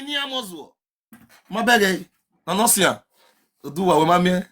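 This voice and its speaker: A man with a Nigerian accent chatting on a live stream, chanting sing-song calls and swinging between loud shouts and low mutters. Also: lively intonation, fairly quick, pauses often. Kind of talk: casual live-stream chat to viewers.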